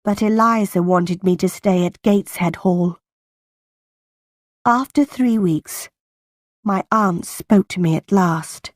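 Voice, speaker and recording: A woman narrating a simplified audiobook in a slow, plain and deliberate reading voice. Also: lowish voice, a little mellow, dry recording, clean studio sound. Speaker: audiobook reader.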